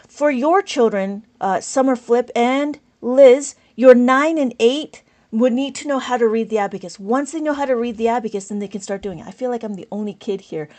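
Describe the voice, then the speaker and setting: On a live stream, a woman with a fairly high voice teaches an abacus lesson and reads out viewer comments. She speaks loudly, with passion and enthusiasm.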